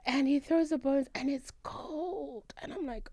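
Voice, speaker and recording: A South African woman tells her story as an interview guest, her voice sitting fairly high. She leans hard on words for emphasis. The sound is dry and close, as if from a studio microphone. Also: measured pace, no echo. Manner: animated, emphatic retelling. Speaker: guest, traditional healer. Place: radio studio.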